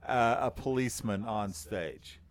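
A man with a baritone voice co-hosts a casual podcast. He tells his story slowly and in a low register. He rambles and fills his pauses as he goes. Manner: slow, rambling storytelling with many fillers. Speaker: podcast co-host. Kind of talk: casual chat.

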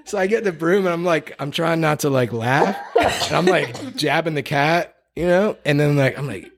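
A man, a real estate agent, telling a story in casual chat, slangy and quick to laugh. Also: a little high. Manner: animated, slangy, laughs a lot.

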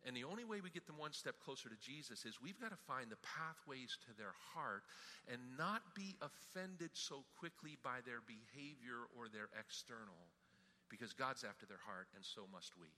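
A man pastor giving a sermon, telling a story with animated, emphatic delivery. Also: medium pitch, normal speed. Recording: hall reverb.

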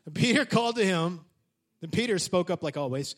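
A male pastor preaching a sermon in an animated, conversational way, often turning to the congregation with questions. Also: sits high, fast talker.

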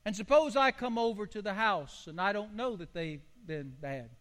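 A man's voice: sits high, normal speed, a bit bright. An older man, a pastor, preaching a sermon in a folksy, storytelling way with homely illustrations. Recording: long hall reverb.

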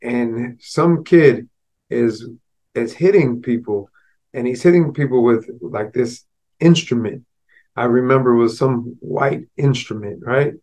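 A man's voice: medium pitch, a little slow, a little mellow. A man hosting a podcast, telling a personal story in a motivational way. He speaks casually, with frequent asides like "right?" and "you know.". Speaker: podcast host.

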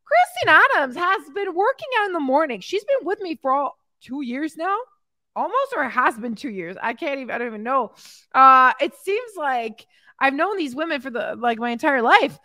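A woman's voice: high voice, pushed and bright, dry recording, studio quality. A woman fitness coach on a live stream, reading out her clients' wins, cheering them on and getting emotional. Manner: upbeat cheerleading, hyping people up; emotional, heart on her sleeve. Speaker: fitness coach and podcast host. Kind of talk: live stream chat, reading viewer comments. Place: home in Mexico.

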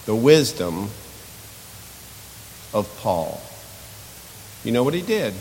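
A man's voice: lowish voice, sing-song, slow pace, pauses often, a little mellow, in a large hall, slight background noise. Impassioned male pastor preaching. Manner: impassioned, repetitive rhetorical questions. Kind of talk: sermon.

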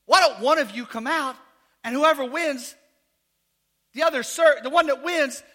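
A man preaching a sermon voices a boastful giant male warrior who mocks and goads his foes loudly. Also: very high voice, moderate pace, pitched above the performer's own voice. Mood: taunting. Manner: mocking, loud and goading.

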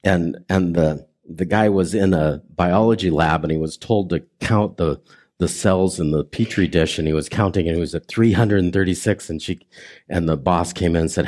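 A male pastor delivers a sermon in a warm, mellow voice. He talks with the congregation, asking them questions and inviting them to repeat after him. His delivery swings between emphatic, raised lines and quiet, hushed ones. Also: sits low, normal speed. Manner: conversational preaching with audience prompts.

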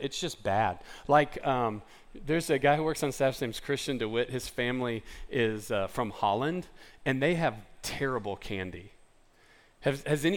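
A male pastor preaching a sermon in a relaxed, conversational storytelling way, with fillers and restarts. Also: fairly high pitch.

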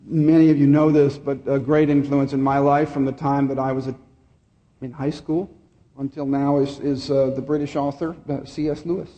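A man's voice: mid-range voice, level tone, normal speed, dark tone, long reverb tail, dull audio. A male pastor preaching a sermon and then leading a prayer. He speaks earnestly and repeats key phrases for emphasis.

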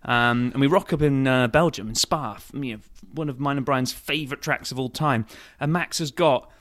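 Male podcast co-host, middle pitch, excitable and emphatic. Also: moderate pace. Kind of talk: casual sports podcast chat.

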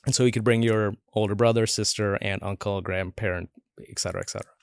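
A man's voice: lowish voice, fairly even intonation, quick pace, gravelly, clear, resonant tone, no echo. A man in his forties, a podcast guest telling stories in a casual, chatty way, acting out the voices he quotes and filling his talk with "like.". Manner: chatty, acts out quoted voices, many "like" fillers. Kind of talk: casual interview storytelling.

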